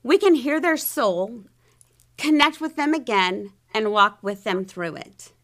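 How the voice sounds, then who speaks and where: A woman hosts an interview, speaking slowly and reflectively. Her voice is high and bright. She laughs easily with her guest. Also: animated. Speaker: host. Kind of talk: conversational interview.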